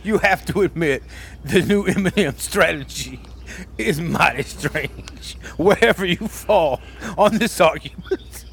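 A man's voice: fairly high pitch, expressive, creaky, fairly bright tone, a little hiss or hum, heavily acted. A man doing a comedic impression of an older male soul singer who sweet-talks and calls everyone baby. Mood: smooth, teasing. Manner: croons "baby" at the end of lines, drawn-out and teasing. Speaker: podcast co-host.

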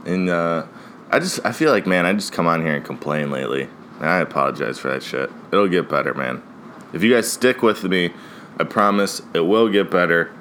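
On his casual solo podcast, a mid-twenties Ohio man talks fairly quickly in a low-pitched, fairly bright voice, with slight background noise. Fillers like "like" and "dude" crowd his rambling, and he often swears and laughs.

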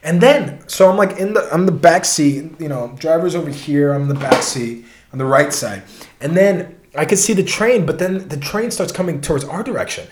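A man's voice: fairly high pitch, moderate pace, reverberant. A young man telling a long personal story in a casual, rambling way, swearing often and restarting his sentences.

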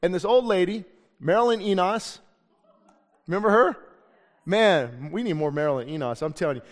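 Preaching in a church sanctuary with long hall reverb, a middle-aged pastor speaks in a high voice at normal speed. He keeps the sermon earnest and conversational, telling stories from his own life.

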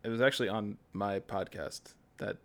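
A man's voice: on the low side, normal speed, a bit bright, dry recording. A man chatting as a guest on a podcast, hesitant and full of fillers. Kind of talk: casual podcast chat.

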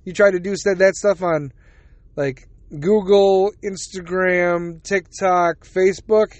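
This podcast host has a high-sitting, steady, slightly mellow voice and talks at a moderate pace, with no echo. Alone on his casual show, he sarcastically and bluntly mocks the other side using put-on quotes. He seems sleepy, yawning from time to time.

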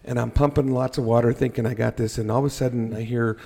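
A middle-aged man telling a story on a podcast, animated and joking as he goes. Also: medium pitch, brisk, vocal fry, few pauses, breathy edge. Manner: animated storyteller, jokey asides. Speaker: podcast guest. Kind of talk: casual storytelling.

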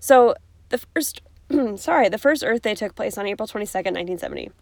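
A woman's voice: medium pitch, expressive, fairly quick, no echo. A woman hosting an unedited podcast, rambling in a bubbly, chatty way with goofy asides. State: hiccups. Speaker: podcast host.

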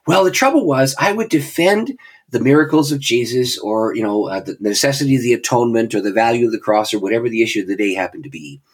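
Animated male pastor telling a story. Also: medium pitch, fast, husky. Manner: animated storyteller, acts out dialogue, laughs at his own story. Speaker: pastor and guest speaker. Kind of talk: personal storytelling.

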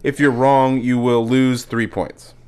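A man's voice: mid-range voice, little pitch movement, slow, a little mellow, smooth. A man hosting a podcast in casual chat, rambling and laughing often. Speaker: podcast host.

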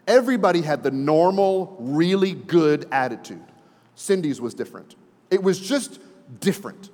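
Storytelling pastor in an echoey hall. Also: male voice, fairly high pitch, moderate pace. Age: 40s. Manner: animated storyteller, folksy asides to the congregation. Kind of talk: sermon with storytelling. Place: church sanctuary. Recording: reverberant church hall.

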